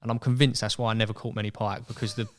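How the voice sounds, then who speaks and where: A young man telling a story as a podcast guest in casual chat, animated and acting out voices. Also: on the low side, very fast. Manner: chatty, animated, acts out quoted voices.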